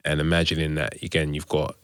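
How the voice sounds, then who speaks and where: A man's voice: extremely low pitch, completely flat delivery, fast talker, smooth, no echo, clean studio sound. A man interviewing a guest, mostly giving short affirmations and posing a closing question. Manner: brief supportive interjections. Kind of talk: conversational interview.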